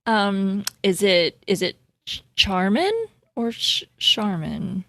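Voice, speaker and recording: A woman podcast co-host reading listener comments quickly in casual chat, without doing any accents. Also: medium pitch, steady tone, fairly bright tone, no echo.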